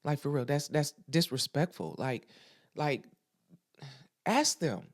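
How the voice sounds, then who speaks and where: A woman's voice: sits low, sing-song, slow, pauses often. A woman hosting a podcast, talking frankly and emphatically to her listeners and repeating phrases for stress. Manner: talks straight to listeners, frank and blunt. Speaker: podcast host. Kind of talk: casual motivational podcast monologue.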